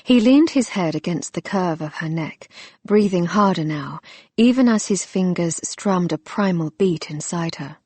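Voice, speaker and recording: A woman narrating an audiobook in a soft, intimate, measured way. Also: on the low side, expressive, breathy edge, no echo. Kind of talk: scripted narration.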